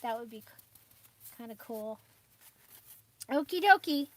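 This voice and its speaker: A woman's voice: on the high side, animated, measured pace, dry recording. A woman hosting a crafting channel, chatting casually and rambling with frequent fillers and little laughs. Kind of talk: casual livestream chat.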